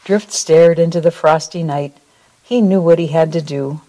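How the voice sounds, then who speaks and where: At a church service, a woman with a deep voice reads to the children, unhurried and full of expression. A short prayer concludes her reading.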